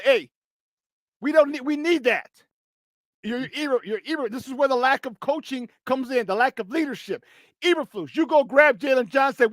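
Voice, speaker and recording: A man hosting a sports talk show, ranting bluntly and profanely with a voice strained from yelling. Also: extremely high pitch, no echo, clean studio sound. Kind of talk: sports talk radio rant.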